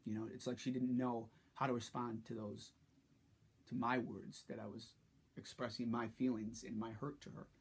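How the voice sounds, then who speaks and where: Man, vlog confessional, husky tone, halting and frustrated delivery. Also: mid-range voice, level tone. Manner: halting and frustrated, many restarts. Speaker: vlogger. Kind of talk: personal story.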